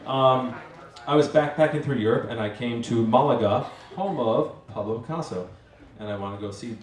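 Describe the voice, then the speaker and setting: A man's voice: mid-range voice, moderate pace, a little hiss or hum. Rambling male storyteller in a roomy hall. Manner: rambling and self-mocking, with many restarts. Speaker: master of ceremonies telling a story. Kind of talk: live storytelling on stage. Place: live event venue with an audience. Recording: roomy, distant mic, faint ambience.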